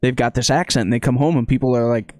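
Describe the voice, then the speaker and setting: Guest musician, man from South Dakota, quick profane talker, mid voice, dry close mic. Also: mid-range voice, steady tone, darkish tone, no room sound. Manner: fast-talking, profane. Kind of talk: casual podcast chat.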